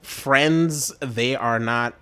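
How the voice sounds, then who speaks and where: Male co-host, casual and rambling, keen, average pitch. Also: extremely slow, a bit bright, clean tone. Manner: rambling, heavy on fillers, enthusiastic. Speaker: podcast co-host. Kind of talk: casual chat.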